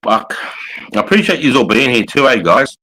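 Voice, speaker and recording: This middle-aged Australian livestreamer talks fast and forcefully, his mid-range voice very animated, bright and a little breathy. He chats from his couch at home in a sweary, casual way, calling everyone mate, and the recording quality is low.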